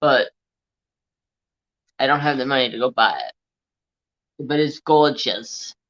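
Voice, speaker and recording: Man, crafts stream host, slow unhurried chat, sniffly, dull lo-fi audio. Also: medium pitch, lively intonation, a bit bright. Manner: slow, chatty, humming to himself. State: teary-eyed and sniffly. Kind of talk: casual livestream chat. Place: home room with a fan blowing.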